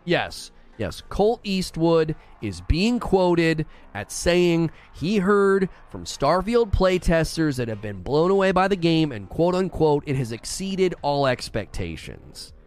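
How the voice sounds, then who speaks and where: Skeptical, animated male streamer. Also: fairly high pitch, takes it slowly, hardly any pauses, faint music behind. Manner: skeptical, argumentative, repeats words. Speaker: streamer reading chat. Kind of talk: casual live-stream chat.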